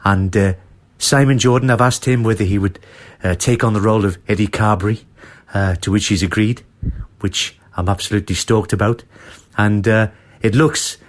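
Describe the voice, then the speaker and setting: A man doing a comic impression of a sacked football manager, making a rambling, deadpan mock announcement full of hesitations. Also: lowish voice, moderate pace, natural voice. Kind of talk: comic impression on sports radio.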